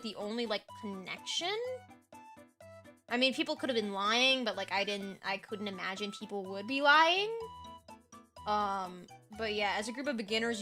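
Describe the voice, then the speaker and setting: A young adult woman streamer, chatty and laughing often, rambling with fillers, a little hoarse and tired. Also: on the high side, sharp tone. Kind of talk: casual chat recapping a role-play game.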